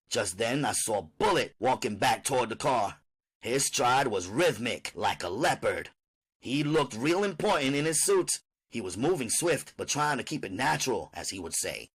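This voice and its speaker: A man's voice: mid-range voice, lively intonation, moderate pace, slightly rough. A man reading an audiobook aloud in first-person narration.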